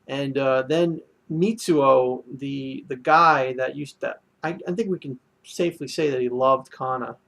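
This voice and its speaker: A man talks through an anime episode in a loose, rambling review. His voice has a gravelly, creaky texture at a middling pitch. He fills his sentences with "you know" and restarts. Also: unhurried, hardly any pauses, fairly bright tone. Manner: rambling, heavy on fillers and restarts. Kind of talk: casual spoken review.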